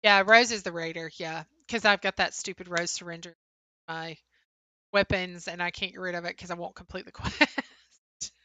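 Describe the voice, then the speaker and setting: A woman's voice: fairly low pitch, steady tone, moderate pace, bright, forceful tone, no echo. A young woman co-hosting a livestream, casually chatting and answering viewers' comments with frequent "um" fillers. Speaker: livestream co-host.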